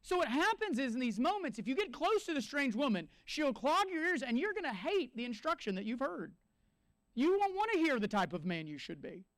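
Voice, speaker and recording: Man, pastor, sermon, very high voice, dry close sound, lively delivery, acts out voices. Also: fairly quick, no room sound. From United States. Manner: animated, acts out quoted voices.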